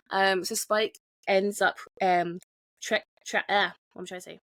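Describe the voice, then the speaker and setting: A woman's voice: medium pitch, steady tone, normal speed, fairly bright tone, no echo. A woman hosting a casual film podcast, talking animatedly, swearing freely and acting out lines from the film. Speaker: podcast host. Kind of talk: casual film review chat.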